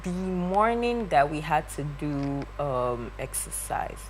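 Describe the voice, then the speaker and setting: Young woman, low-pitched, very expressive, acts out voices. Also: slow pace, a little hiss or hum. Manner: lively, acts out quoted voices. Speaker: guest. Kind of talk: animated storytelling.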